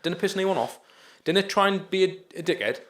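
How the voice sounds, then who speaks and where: A man hosting a casual podcast who talks very fast. He chips in with "mate" and "aye" and encourages his guest. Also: sits high, a bit bright. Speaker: podcast host.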